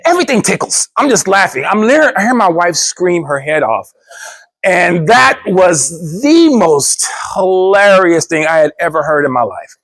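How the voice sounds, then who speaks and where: A man telling a funny personal story in an expressive, theatrical way, then signing off his channel. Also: sits high, normal speed. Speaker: storyteller, YouTuber. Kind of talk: animated storytelling speech.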